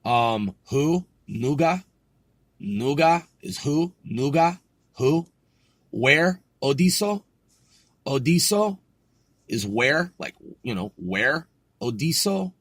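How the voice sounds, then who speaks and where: A man's voice: mid-range voice, lively intonation, slow, husky, no room sound. A man hosting a casual solo study podcast, rambling and doubting himself as he sounds out words, swearing now and then. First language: English. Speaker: podcast host learning Korean.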